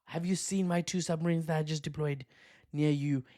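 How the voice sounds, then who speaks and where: Man putting on a brash bragging politician, pitched up, cocky threats, rough impression. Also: fairly even intonation, moderate pace, mellow, natural voice. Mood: boastful. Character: boastful blustering male politician impression.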